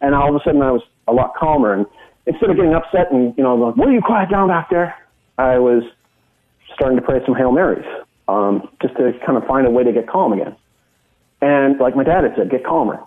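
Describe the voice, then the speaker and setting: A man's voice: medium pitch, fast. A middle-aged man from Canada, a guest giving an earnest personal testimony in conversation and retelling it with frequent restarts. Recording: tinny phone-line sound.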